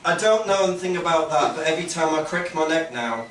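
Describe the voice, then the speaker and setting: A man doing a sarcastic stand-up comedy set on a club stage, sometimes mocking online complainers in a loud put-on voice. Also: a little high, lively intonation, fast talker, hardly any pauses. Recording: roomy club recording, heard from a distance, loud background noise.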